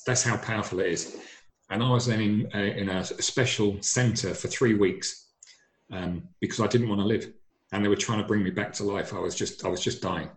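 An earnest middle-aged man tells his story as a guest, pressing his points and repeating himself. His voice sits fairly low and rings around an echoey room. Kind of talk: personal storytelling.

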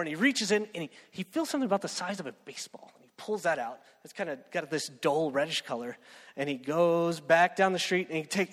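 A man's voice: high-pitched, a bit bright, long reverb tail. A man preaching a sermon in a conversational storytelling way, often checking in with "right?". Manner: conversational, keeps asking "right?".

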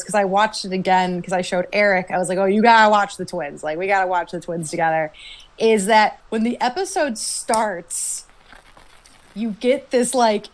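A woman co-hosting a podcast in casual chat, excitable, laughing often and acting out quotes. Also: medium pitch. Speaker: podcast co-host.

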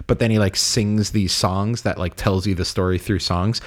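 A man with a somewhat low voice talks in a loose, rambling way. He fills his sentences with "like" and laughs often, as a podcast co-host in casual chat. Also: steady tone, normal speed.

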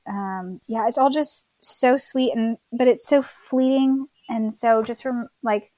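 A woman's voice: on the high side, fairly even intonation, takes it slowly, mellow, no echo. A woman in her thirties from Florida casually telling her birth story as a guest, chatty with many fillers.

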